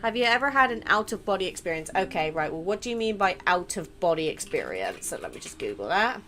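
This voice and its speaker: A woman's voice: on the low side, big pitch swings, fast talker, fairly bright tone, faint music behind. Chatty young woman gamer, blunt and casual. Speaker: gaming content creator. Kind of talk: casual let's play commentary, reading questions aloud.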